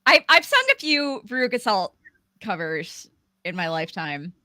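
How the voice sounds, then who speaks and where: Bright, lively woman hosting a live chat. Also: medium pitch, moderate pace, no echo, studio quality. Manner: chatty, rambling, with many fillers. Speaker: livestream host. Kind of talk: casual live aftershow chat.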